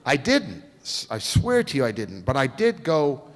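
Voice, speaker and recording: A folksy male guest speaker tells stories in a lively, swooping voice. He acts out each quote, and his voice rings through a long echoey lecture hall. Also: mid-range voice, normal speed. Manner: folksy, animated storyteller acting out quotes. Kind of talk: storytelling lecture.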